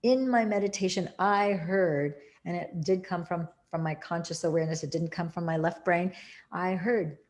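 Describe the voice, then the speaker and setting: Woman, meditation teacher, slightly low voice, slow soothing delivery with earnest emphasis. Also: darkish tone. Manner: slow, soothing, drawn-out phrasing. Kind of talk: guided meditation and spiritual talk.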